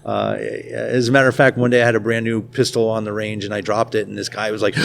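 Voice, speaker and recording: A man talking casually as an interview guest, an animated storyteller who works as a school nurse and firearms instructor. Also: lowish voice, fast, gravelly. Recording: faint background noise at a conference.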